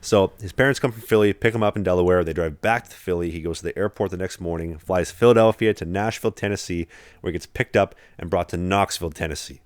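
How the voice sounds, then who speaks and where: A young man with a very low voice rattles through a podcast story at a quick clip, doubling back with fillers and restarts. He sounds close to the mic, with a dry, dead room around him. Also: no echo. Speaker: podcast host, hockey goalie. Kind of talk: casual podcast chat.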